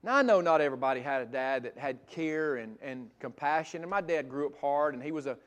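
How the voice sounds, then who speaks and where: A middle-aged male pastor preaching a sermon, moving from loud emphatic passages to soft, intimate ones. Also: fairly high pitch, lively intonation, brisk.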